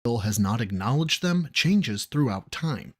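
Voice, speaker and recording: A man narrating a video essay in a measured, formal, mock-academic scripted delivery. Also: mid-range voice, animated.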